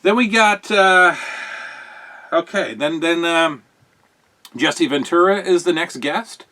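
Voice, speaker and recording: A man's voice: fairly high pitch, takes it slowly, pushed and bright. A man hosting a show, chatting casually as he reviews old wrestling broadcasts, rambling with lots of fillers and amused asides. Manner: amused, often chuckling.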